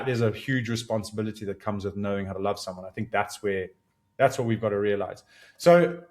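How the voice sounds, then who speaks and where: A man in his thirties talks through his ideas alone on his podcast, earnest and searching. His voice climbs when he gets excited and settles back down as he reflects. He often restarts his sentences while he works out what he means. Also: on the low side. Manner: earnest, animated, rising with excitement, thinks aloud with restarts. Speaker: podcast host. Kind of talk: solo reflective podcast monologue.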